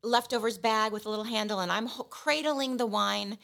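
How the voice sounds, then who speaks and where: A woman co-host telling a lively story in casual chat, acting out the voices of people in it with self-mocking humor. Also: a little high, fairly quick, creaky. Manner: animated, acts out voices of people in her story.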